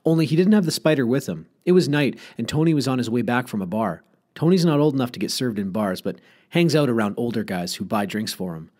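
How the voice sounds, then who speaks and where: A man voicing a sneaky young schoolboy who talks in a hushed, matter-of-fact way, in a storybook reading. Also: medium pitch, lively intonation, fast, close to an everyday voice. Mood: secretive.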